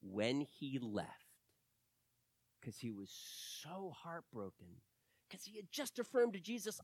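A man preaching a sermon, telling stories animatedly and swinging between loud bursts and hushed moments. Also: fairly high pitch, huge pitch swings, takes it slowly, no echo.

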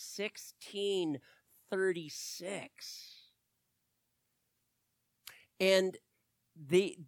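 A man's voice: medium pitch, dry recording. Emphatic male preacher, dry close sound. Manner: swings from quiet to loud, emphatic preaching. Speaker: pastor. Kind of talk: sermon. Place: church.

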